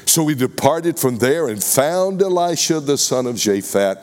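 A man with a Texas accent preaching a sermon, deliberate and addressing the congregation with questions. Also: a little high, animated, darkish tone, in a large hall.

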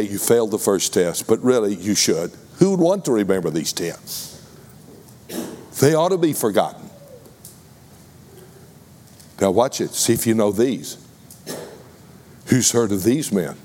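A man with a Texas accent preaching a sermon, deliberate and addressing the congregation with questions. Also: on the low side, darkish tone, in a large hall.

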